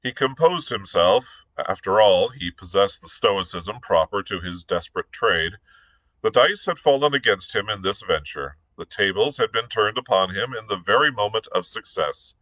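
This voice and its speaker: Bright-voiced male librarian reading aloud. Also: fairly low pitch, normal speed, no echo, poor audio. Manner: steady narration with occasional small slips. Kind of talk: read-aloud storytelling.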